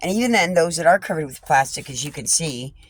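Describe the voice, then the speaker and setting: A woman with a deep voice and lively intonation talks fast into her wide-angle phone or camera while vlogging from a small RV. Frank and casual, she curses freely and often starts sentences over against background noise.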